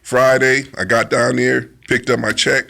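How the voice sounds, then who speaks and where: A man recounts a personal testimony in relaxed, informal speech, his voice at an ordinary middle pitch. He tells it as a vivid story, acting out his own frustrated side of an inner argument. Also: unhurried, vocal fry. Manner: informal speech with dialect grammar. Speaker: testimony speaker.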